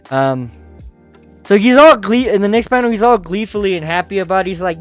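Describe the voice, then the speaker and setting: A man with a smooth, resonant voice pitched a little high. He swears freely and laughs easily in a loose comic recap full of fillers. Light music plays underneath. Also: brisk. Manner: profane, laughing, filler-heavy. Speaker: manhwa recap host. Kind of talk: casual comic recap commentary.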